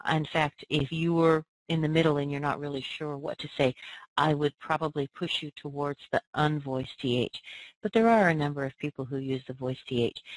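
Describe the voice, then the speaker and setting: A woman's voice: low-pitched, no room sound, low-quality recording. A woman, coaching pronunciation by answering listener questions and patiently modeling sounds and words aloud.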